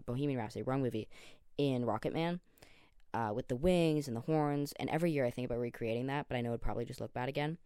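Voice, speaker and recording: A young podcast host in their late teens rambles through a loose solo monologue, full of "um"s and "like"s, doubling back whenever a name slips away. The voice sits at an ordinary middle pitch. It is recorded close and dry in a small quiet room. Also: no echo. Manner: rambling, filler-heavy, self-deprecating, loses track mid-sentence.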